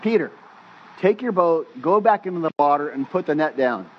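A man's voice: a little high, normal speed, highs cut off. A man playing a patient, insistent teacher. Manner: calm, repeating instructions firmly.

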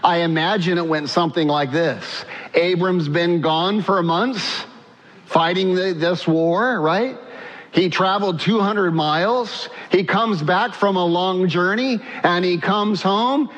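A man's voice: sits high, takes it slowly, a bit bright, long reverb tail. A man preaching a sermon in a conversational way, asking his congregation questions and repeating himself as he goes. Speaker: pastor.

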